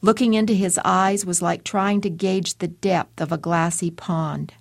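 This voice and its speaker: A woman reading a literary story aloud, measured and quiet in her delivery. Her voice is low with a gravelly edge, and the recording is dry and close to the mic. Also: steady tone, dry recording. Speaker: story reader.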